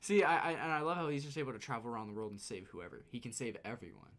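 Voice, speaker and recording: A man's voice: medium pitch, rapid-fire, a bit bright. A man co-hosting a podcast in casual chat, earnest and laughing easily, with casual swearing. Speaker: podcast co-host.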